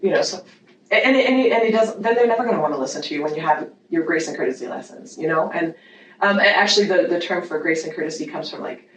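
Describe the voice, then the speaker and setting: A woman's voice: lowish voice, fast. A woman who works as a parenting educator, talking animatedly in a casual interview and circling her points as she goes. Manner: animated, rambling with many fillers and restarts. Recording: echoey room, distant mic, faint noise.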